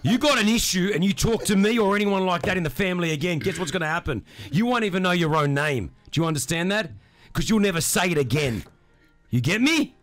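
A man's voice: high voice, lively intonation, quick pace, fairly bright tone. A man with an Australian accent putting on a tough hard man's voice, delivering menacing, clipped threats.

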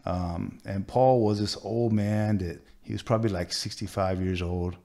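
A man with a low, gravelly voice tells a personal story in a sit-down interview. He speaks earnestly and haltingly, often restarting and leaning on "you know." The low, rough grain of his voice stays steady throughout. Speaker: tattoo artist, interview guest.

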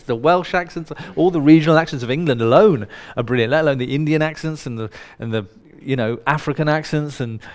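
A man leading a live workshop in a room full of people, speaking in a playful, irreverent way and swearing now and then. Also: on the high side. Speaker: workshop leader. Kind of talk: live workshop talk to an audience.

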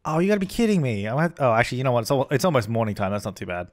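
A man's voice: medium pitch, big pitch swings, racing. A young man giving casual let's-play commentary, chatty and self-correcting as he plays. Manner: chatty, self-correcting, often voicing his characters. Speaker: gaming YouTuber.

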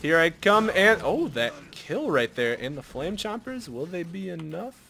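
Excitable young man narrating his game. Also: fairly high pitch, unhurried, gravelly, a little hiss or hum. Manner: excitable, bursts into loud shouts at big plays; swears and jokes casually, mutters to himself while shopping. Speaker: gameplay commentator. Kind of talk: live game commentary.

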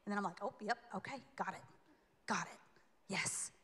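Bright-voiced woman preaching in a reverberant church. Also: mid-range voice, normal speed, slightly rough. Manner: animated, conversational, playful asides. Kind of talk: sermon. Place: church sanctuary. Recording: long hall reverb.

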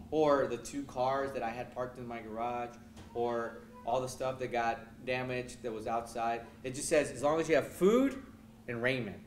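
A man preaching a sermon as pastor, reading scripture and growing more emphatic, with halting self-corrections between verses. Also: medium pitch, slight background noise. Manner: reads scripture in King James wording, rising louder and more emphatic as he preaches.

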